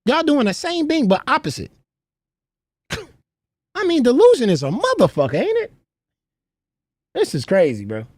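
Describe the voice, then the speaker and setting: A woman's voice: sits high, huge pitch swings, measured pace, pauses often, a little mellow, no echo. A woman co-hosting a reaction livestream, firing back with blunt, scoffing, profane retorts. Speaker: livestream co-host.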